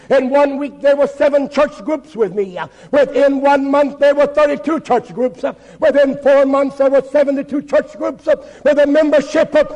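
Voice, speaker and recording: A man's voice: extremely high pitch, darkish tone, long reverb tail, poor audio. A man, a pastor, giving an impassioned testimony sermon with dramatic storytelling.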